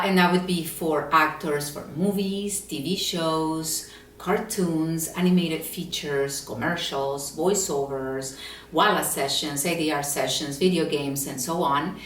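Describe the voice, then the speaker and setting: Earnest low-voiced woman with Spanish accent. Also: fairly bright tone, slight background noise. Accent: Latin American Spanish. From Latin America. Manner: earnest, argumentative, methodical. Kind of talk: opinion vlog monologue. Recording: roomy echo, mic at a distance.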